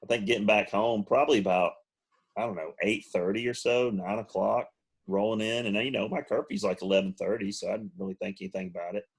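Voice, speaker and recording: A man's voice: fairly low pitch, steady tone, fast talker, husky. A man co-hosting a sports talk show, telling a story in a casual chat and laughing often. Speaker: podcast co-host.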